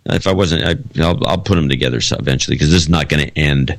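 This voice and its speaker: A man's voice: very deep voice, fast, no room sound. A man co-hosting a podcast in casual chat, rambling with frequent restarts. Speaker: podcast co-host.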